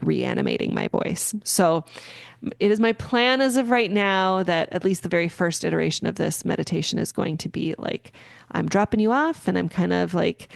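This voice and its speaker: A woman hosting a podcast, explaining a meditation in a rambling, filler-heavy, gently encouraging way. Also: fairly low pitch, vocal fry, no room sound, studio quality. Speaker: podcast host. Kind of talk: casual spoken explanation.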